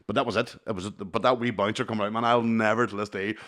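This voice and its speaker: A man's voice: on the low side, fast. A man with a Northern Irish accent, co-hosting a casual podcast chat and telling stories with heavy swearing and acted-out quotes. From Northern Ireland. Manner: animated storyteller who acts out quotes, swears heavily. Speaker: podcast co-host.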